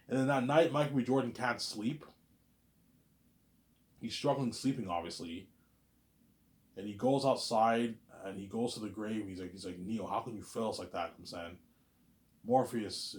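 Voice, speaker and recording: A man rambling to camera as he pitches a movie plot, repeating himself and acting out characters' lines in sudden loud bursts. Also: moderate pace. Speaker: vlogger pitching a movie idea. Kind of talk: rambling casual monologue to camera.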